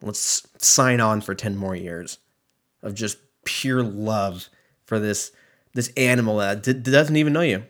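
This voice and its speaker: A man's voice: lowish voice, measured pace, fairly bright tone. Rambling, profane young man. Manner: profane, rambling, self-mocking. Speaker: podcast host. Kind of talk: casual solo podcast rant.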